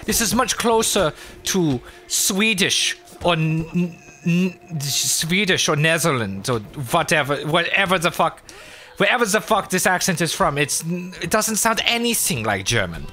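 A man's voice: sits high, big pitch swings, unhurried, sharp tone, pitched above the performer's own voice, full character voice. A man voicing an exasperated, indignant ranter in a mocking, cartoonish put-on accent.

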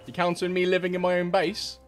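A man's voice: high-pitched, completely flat delivery, fast talker, soft background music. A young man taunting other players over game voice chat in a cheeky, mocking way, full of slang. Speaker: game streamer.

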